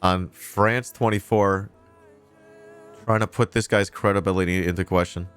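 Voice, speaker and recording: A man's voice: low-pitched, steady tone, moderate pace, a bit bright, clear, resonant tone, soft background music. Sarcastic man ranting on a livestream. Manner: sarcastic, ranting, swears freely. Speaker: livestream host reacting to news clips. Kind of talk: casual livestream commentary.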